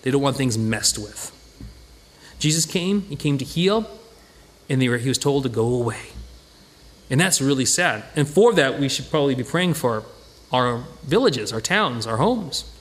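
A man leading an informal Bible study, talking conversationally with lively acted-out asides and frequent restarts. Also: medium pitch, normal speed. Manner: conversational, animated, acts out quoted voices, many restarts.

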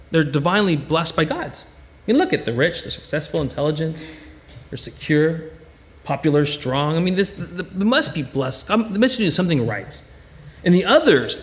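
A man preaching a sermon as a pastor, lively, with frequent restarts and fillers. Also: fairly high pitch, in a large hall. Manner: lively, many restarts and "you know".

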